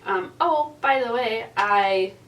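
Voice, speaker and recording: A woman's voice: a little high, takes it slowly, fairly bright tone, recorded from a distance, poor audio. A young woman vlogger telling a story in a casual, chatty way, full of fillers and laughs.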